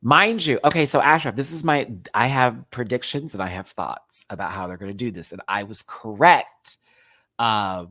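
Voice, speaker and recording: Woman host with a very low voice, animated, swears and laughs, rants about episodes on a dry mic. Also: normal speed, no room sound. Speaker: host of a live recap show. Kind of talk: casual ranting commentary.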